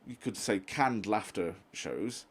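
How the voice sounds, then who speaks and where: A man's voice: fairly low pitch, expressive, slow pace, husky. A man co-hosting a podcast, chatting agreeably and hesitantly, often restarting his sentences. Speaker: podcast co-host. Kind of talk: casual chat.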